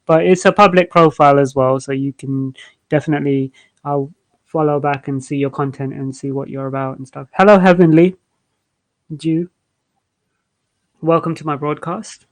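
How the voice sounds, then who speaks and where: A man chatting casually as host of a live music stream, relaxed and full of restarts. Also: fairly high pitch, normal speed, long pauses, no room sound, low-quality recording. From United Kingdom.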